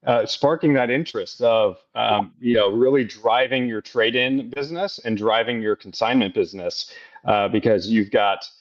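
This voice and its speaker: A man's voice: medium pitch, moderate pace, highs cut off. A man appearing as a guest on a webinar. He explains things in a loose, rambling way. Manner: loose and rambling, full of "you know". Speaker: guest business partner.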